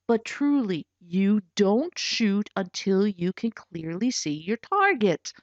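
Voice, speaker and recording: A woman doing a protective young boy, firm and watchful, calling out with urgency. The voice swings lively in pitch, and the sound is dull and dry. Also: slow pace, dry recording. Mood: scolding. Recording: dull lo-fi recording.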